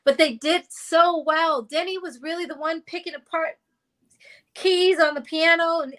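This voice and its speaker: Bright high-voiced woman telling stories. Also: measured pace. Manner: animated storyteller who acts out quotes and sings notes. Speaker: interview guest, former girl group singer. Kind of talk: casual storytelling interview.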